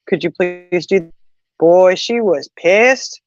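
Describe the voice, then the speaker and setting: A middle-aged woman with a voice on the low side hosts at a slow pace, the recording dry. She animatedly retells daily stories full of asides, and the audio has a dull, slightly muffled quality.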